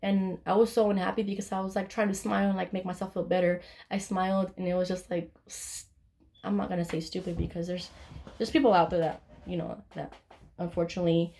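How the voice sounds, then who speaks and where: A woman's voice: fairly low pitch, steady tone, fairly quick, creaky, warm tone, slight background noise. A young woman telling a personal story to her camera, candid and casual, swearing freely and acting out what everyone said. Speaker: vlogger.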